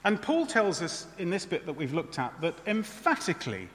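Male preacher, chatty sermon, bright voice, long hall reverb. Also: sits high, sing-song, moderate pace. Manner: conversational, with frequent tag questions.

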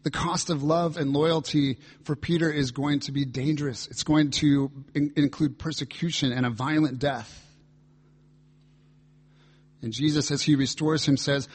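A man's voice: a little high, fairly even intonation, a little slow, husky. A man pastor preaching a reflective, earnest sermon, reading and voicing scripture dialogue as he explains it.

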